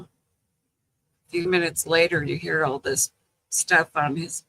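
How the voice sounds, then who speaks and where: Slow-talking older woman with a gravelly voice. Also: low voice, fairly even intonation, a bit bright, slight background noise, poor audio. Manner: slow, chatty storytelling with frequent "you know" and laughter. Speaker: livestream host chatting with viewers. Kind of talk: casual live chat.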